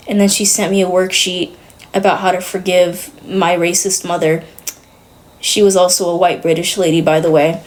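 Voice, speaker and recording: A woman's voice: fairly low pitch, flat delivery, normal speed. Young woman streamer, casual chat, rambling, lots of "like", nervous laughter.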